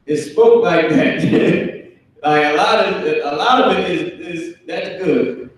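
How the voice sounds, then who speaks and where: A man's voice: sits high, slight background noise. Emphatic man lecturing in an echoey room. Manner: emphatic, repetitive, drawn-out examples. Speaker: teacher. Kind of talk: live online class lecture. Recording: echoey room, far from mic.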